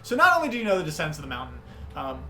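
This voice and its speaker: Young guy running a tabletop game, talks high-ish and rambly, music going behind him. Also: rapid-fire. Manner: animated, rambling description with fillers. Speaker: game master. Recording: music under the voice.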